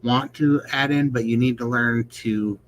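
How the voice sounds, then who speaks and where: A man's voice: medium pitch, fairly even intonation, measured pace, a little hiss or hum, poor audio. A man co-hosting a casual livestream chat, joking in a folksy way and reading viewer questions aloud. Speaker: podcast co-host.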